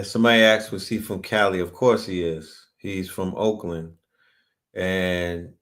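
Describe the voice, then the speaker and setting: Laid-back low-voiced man hosting commentary. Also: fairly bright tone. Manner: loose, street-slang delivery with frequent "you feel me". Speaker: channel host. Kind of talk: casual commentary to a live chat.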